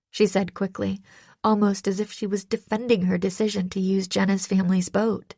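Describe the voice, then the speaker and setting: A woman's voice: on the low side, little pitch movement, moderate pace, a little mellow, dry recording. Woman reading an audiobook, dry sound. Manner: gives characters slightly raised voices. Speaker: audiobook narrator. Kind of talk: first-person audiobook narration.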